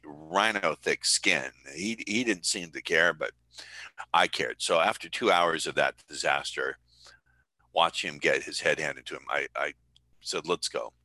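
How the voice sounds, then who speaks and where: A man with a very low, deep voice and a strikingly bright, forceful edge speaks in a dry, close sound. He tells stories emphatically and boastfully, slowing down with dramatic pauses. It is a podcast interview. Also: dry recording, low-quality recording. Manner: boastful, energetic. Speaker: guest, persuasion coach.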